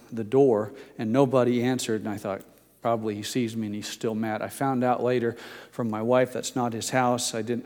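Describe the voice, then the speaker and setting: An older pastor delivers a sermon in a relaxed, conversational way, poking fun at himself as he tells a story. His voice sits at an ordinary middle pitch for a man. It carries a long reverb from a church hall. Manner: conversational storytelling, self-deprecating.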